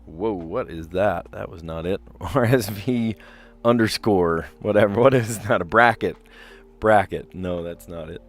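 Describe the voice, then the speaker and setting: Low-voiced man musing through puzzles. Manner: chatty, rambling, reads clues aloud and muses over answers. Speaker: streamer playing word puzzles. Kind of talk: casual live-stream commentary, thinking aloud.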